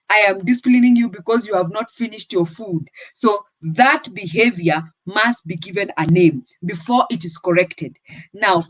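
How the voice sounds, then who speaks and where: A woman's voice: mid-range voice, no room sound, rough recording. A woman with a Kenyan accent giving firm parenting advice on a talk show. She switches between English and Swahili.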